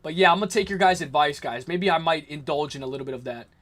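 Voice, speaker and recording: This livestream host, a young New York-area man, talks quickly in a slightly high, somewhat bright voice. During his late-night stream he chats loosely, answers messages from chat and frequently laughs.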